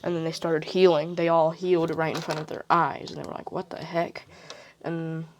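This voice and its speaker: A woman's voice: deep voice, level tone, a little fast, slight background noise. A woman casually retelling a fan what-if story, rambling with fillers and "like".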